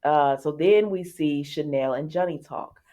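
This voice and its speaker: A woman with a slightly low voice hosts a casual soap opera recap. She retells each scene in a chatty way and keeps breaking off to talk to her viewers. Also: unhurried, mellow.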